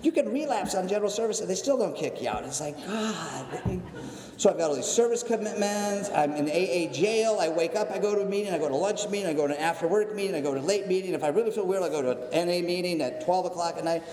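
Animated man telling his story in an echoey hall. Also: sits high, fast talker, hardly any pauses, crowd noise. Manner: animated storyteller, acts out voices, swings from excited to somber. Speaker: recovery meeting speaker. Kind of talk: personal recovery story told to a meeting. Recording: echoey hall, long reverb.

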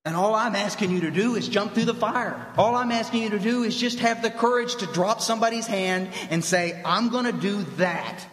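Man, motivational talk, blunt and animated, high voice, long hall reverb. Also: fairly quick, few pauses. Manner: animated storytelling, blunt, direct address. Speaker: speaker at a recovery fellowship meeting.

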